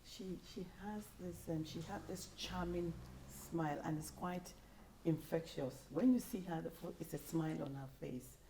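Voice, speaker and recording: A woman's voice: sits low, steady tone, moderate pace, dark tone, slight background noise, low-quality recording. A woman earnestly sharing memories in a group conversation, often repeating herself. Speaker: bereaved daughter.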